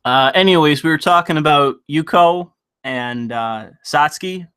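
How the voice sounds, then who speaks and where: A man talks casually to his stream chat with a bright, forward voice. He rambles, swears freely and laughs along as he goes. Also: fairly high pitch, normal speed, clean tone. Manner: rambling, profane, laughs often. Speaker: livestream host.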